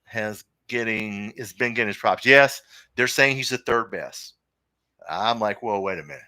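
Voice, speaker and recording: A man's voice: fairly low pitch, a little slow, pushed and bright, no echo, clean studio sound. A man hosting a live sports talk stream, opinionated and rambling, reading viewer comments aloud. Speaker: podcast host.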